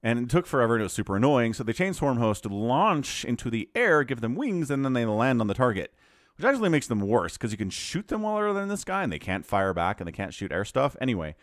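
A man doing video game commentary, animated and incredulous, laughing often and turning sarcastic. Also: fairly high pitch, no room sound, studio quality. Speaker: game caster.

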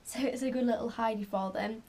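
A woman's voice: a little high, steady tone, a little fast, a little mellow. A young woman chatting casually in a pet vlog, cooing now and then at her animals. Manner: chatty, coos at her pets. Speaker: vlogger.

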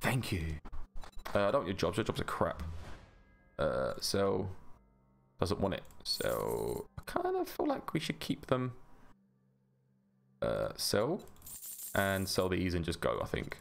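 A man's voice: low-pitched, huge pitch swings, measured pace, gravelly, pauses often. A man hosting a gaming channel, chatting through gameplay in a rambling, self-mocking way. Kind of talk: casual gameplay commentary.

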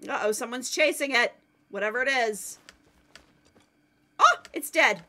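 A woman streaming a game live, chatting playfully with viewers and teammates, excitable and given to yelling. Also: fairly high pitch, a little slow. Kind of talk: casual live-stream chat while playing.

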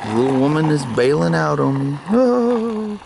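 A man vlogging casually about his day outdoors, rambling and laughing often as he gets excited. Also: fairly high pitch, moderate pace. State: out of breath. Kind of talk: casual vlog talk. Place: outdoors, yard and on a motorcycle. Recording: clear outdoor noise, vehicle sounds.

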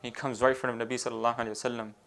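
A man preaching a storytelling sermon, halting often with fillers and restarts and weaving in devotional phrases. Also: medium pitch, little pitch movement, fairly bright tone. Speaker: Islamic preacher.

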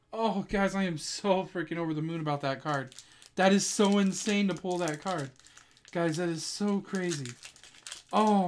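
An excitable man opening trading card packs at home for his viewers, keeping up friendly chatter and calling everyone "guys". When a rare card turns up, his voice jumps high and loud with delight. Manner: excitable, breaks into high-pitched shouts over good pulls; keeps addressing viewers as "guys". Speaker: card-pack opening channel host. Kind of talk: casual pack-opening vlog. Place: at home with a dog in the room.

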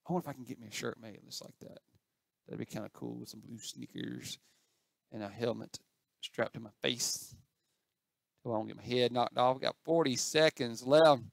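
A gaming channel host plays an online game and offers chatty, self-mocking commentary, talking to other players on screen. His fairly high voice is creaky and a bit bright, captured in studio quality with no echo.

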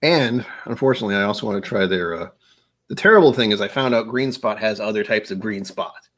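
Husky, animated man rambling over whiskey. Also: fairly low pitch, fast. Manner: rambling, playful, breaks into humming and silly noises. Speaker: whiskey tasting streamer. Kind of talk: casual live-stream tasting chat.

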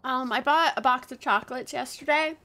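A high-pitched woman chatting casually while she streams a game with friends. She laughs often and acts out everyone's reactions as she retells what just happened. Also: brisk, pushed and bright. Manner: giggly, retells moments with quoted reactions. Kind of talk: casual gaming chat.

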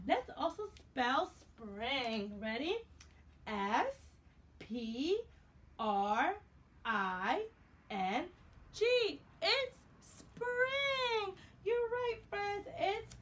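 A woman leads a preschool lesson in a high, bright voice that swoops up and down. She speaks slowly and warmly encouraging, with a sing-song lilt, and spells words out letter by letter. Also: slight background noise. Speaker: preschool teacher. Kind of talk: online circle-time lesson for young children.

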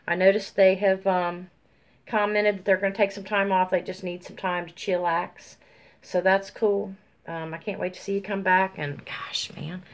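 Slow rambling woman with a drawl. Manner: rambling, warm and folksy, many ums; high sing-song baby talk to her dog. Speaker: YouTube vlogger. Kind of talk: casual chatty shout-outs to viewers. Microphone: phone.

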